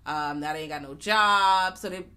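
A woman co-hosting a podcast, recapping a film in animated, profane casual chat and acting out the characters' lines. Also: low voice, moderate pace. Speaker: podcast co-host.

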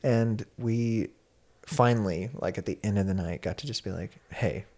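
A young man who teaches at a university, telling a personal story in casual conversation, animated and full of fillers. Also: fairly low pitch, moderate pace. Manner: animated, many fillers, laughs while telling. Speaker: university instructor and guest.

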